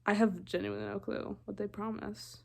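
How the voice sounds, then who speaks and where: A woman's voice: medium pitch, flat delivery, a little fast, creaky. A young woman vlogger recapping a TV show in a casual, rambling way, often breaking off mid-thought. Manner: rambling, chatty, interrupts herself often.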